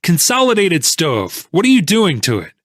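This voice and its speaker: A man reading an audiobook voices a furious male stock trader who shouts angry accusations. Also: a little high, animated, normal speed, no echo, clean studio sound, pitched above the performer's own voice.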